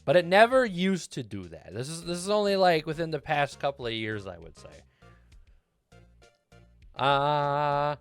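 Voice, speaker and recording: A man's voice: on the high side, very animated, measured pace, long pauses, clear, resonant tone, no echo, faint music behind. A man streaming a video game and chatting casually with viewers, rambling and laughing often into a desk mic. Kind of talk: casual gameplay chat.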